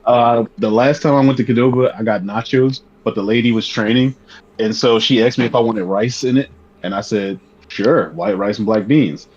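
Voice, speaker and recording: A man's voice: medium pitch, fairly even intonation, brisk, a little mellow. A man joining a casual gaming podcast as a guest, bantering in a joking, laid-back way. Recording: dull lo-fi audio.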